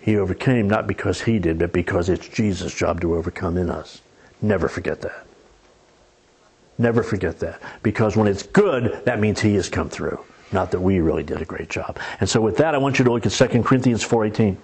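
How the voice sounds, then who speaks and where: A man's voice: low voice, brisk, vocal fry, hardly any pauses, darkish tone, slightly rough. A man preaching a sermon in a conversational, storytelling way with folksy humor.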